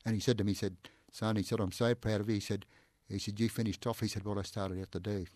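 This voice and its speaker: Older Australian man telling animated stories. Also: lowish voice, fast, no echo. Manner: animated, repeats "I said" often, laughs while telling. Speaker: interview guest, former police inspector. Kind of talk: anecdotal storytelling in conversation.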